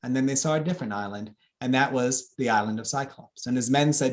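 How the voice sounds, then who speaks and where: Man, scholar, explanatory lecture, thoughtful, ums and restarts, mid pitch. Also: fast talker. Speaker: classics scholar giving a talk.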